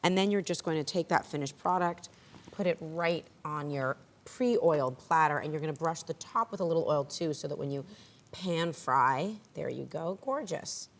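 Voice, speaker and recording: A woman's voice: low voice, moderate pace. A woman hosting a cooking show, explaining a recipe step by step in an encouraging way. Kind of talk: cooking demonstration.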